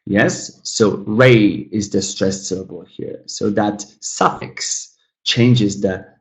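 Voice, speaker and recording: A man teaching an online English lesson on word stress. He talks casually to the class, calls them "guys", invites answers in the chat, and repeats example words slowly. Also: on the low side, rough recording.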